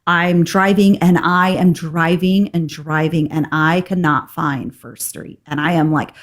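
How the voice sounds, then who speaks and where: A woman in her thirties, co-hosting a podcast, telling a story in a casual, animated way and acting out the people in it. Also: fairly low pitch, unhurried. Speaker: podcast co-host.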